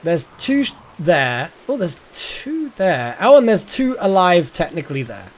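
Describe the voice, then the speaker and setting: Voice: mid-range voice, big pitch swings, unhurried. A streamer giving live gameplay commentary, thinking aloud, muttering and swearing at the game.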